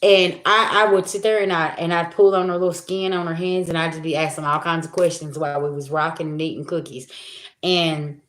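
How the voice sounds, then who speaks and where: A woman's voice: fairly low pitch, steady tone, brisk, a bit bright. A woman giving a casual livestream talk as a spiritual reader, folksy and chatty, calling her viewers y'all. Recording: roomy echo.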